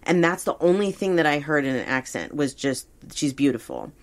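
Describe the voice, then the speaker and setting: Woman podcast host, psychic reader, deep-ish voice, easygoing and halting. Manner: hesitant, relaxed, many fillers. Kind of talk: casual podcast reading.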